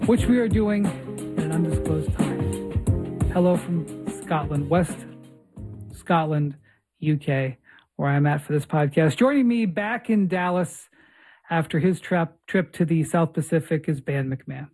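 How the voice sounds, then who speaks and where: A man's voice: fairly high pitch, measured pace, darkish tone, soft background music. A man hosting a basketball podcast remotely, telling a long rambling story in casual chat. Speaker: podcast host. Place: remote location abroad.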